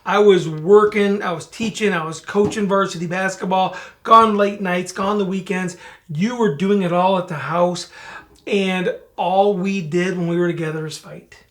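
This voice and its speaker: Middle-aged man, podcast co-host, earnest and conversational, slips into animated quoted voices. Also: high-pitched, normal speed. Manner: earnest, storytelling, animated quoting. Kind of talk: casual chat.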